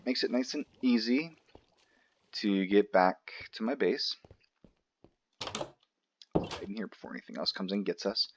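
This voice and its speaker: Male let's-play host, lowish voice, chatty and self-joking, dull lo-fi desk mic sound. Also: background noise. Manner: chatty, joking asides to himself. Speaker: gaming channel host. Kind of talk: casual let's-play commentary.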